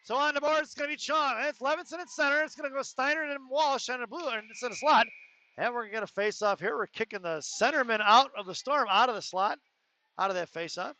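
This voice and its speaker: A man calling a youth hockey game live in an ice arena, rapid play calling with joking asides. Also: very high-pitched, sharp tone. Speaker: play-by-play announcer. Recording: dull lo-fi arena stream with faint noise.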